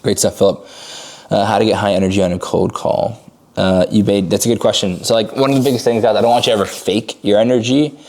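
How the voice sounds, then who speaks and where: A man running a sales coaching call, talking fast and casually with many "like" fillers and bursting into high energy when he acts out calls. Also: fairly even intonation, darkish tone.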